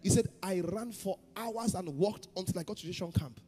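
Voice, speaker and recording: A man preaching a sermon as pastor, shifting between loud chanted prayer and quiet storytelling. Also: high voice, brisk, in a large hall. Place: church hall.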